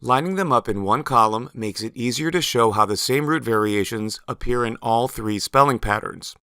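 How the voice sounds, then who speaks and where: Bright-voiced man narrating a lesson. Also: medium pitch, no echo, studio quality. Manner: slow, careful, stresses syllables when modelling words. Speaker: Spanish teacher.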